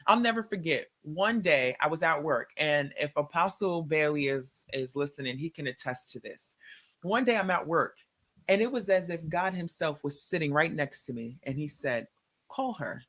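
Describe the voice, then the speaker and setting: A woman telling an emotional personal testimony in a conversation, animated and acting out the words in quotes. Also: deep voice, normal speed. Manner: animated, acts out her own and others' words in quotes. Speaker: guest sharing a testimony.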